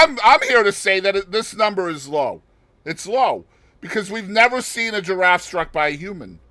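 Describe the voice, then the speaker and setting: A man's voice: high voice, pushed and bright, no echo. A man co-hosting a podcast in casual chat, rambling and joking with puns and asides. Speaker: podcast co-host.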